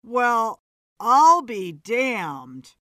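A woman's voice: on the high side, very animated, takes it slowly, fairly bright tone, no echo, clean studio sound, exaggerated voice. A woman voicing a polite, slightly whiny man in a bow tie and glasses.

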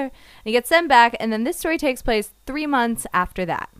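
A woman's voice: fairly high pitch, lively intonation, moderate pace, smooth, no room sound, clean studio sound. A woman co-hosting a casual podcast, reviewing an anime with playful sarcasm and frequent laughs. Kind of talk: casual chat.

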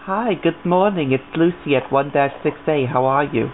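A man's voice: fairly high pitch, moderate pace, lightly acted. Man doing a fussy lonely old woman. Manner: dramatic, fussy, oversharing. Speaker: prank caller. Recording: tinny phone line, faint hiss.

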